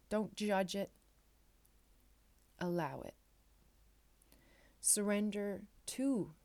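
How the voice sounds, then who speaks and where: Woman podcaster, soft reassuring affirmations, kinda low voice, bit teary. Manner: gentle, reassuring, repetitive affirmations. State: tearful at times. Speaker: podcast host. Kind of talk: heartfelt solo podcast talk.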